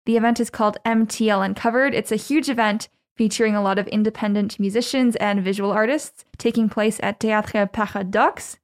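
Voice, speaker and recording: A woman hosting an arts interview podcast, reading a clear scripted intro and then asking questions in a measured way. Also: mid-range voice, fairly even intonation.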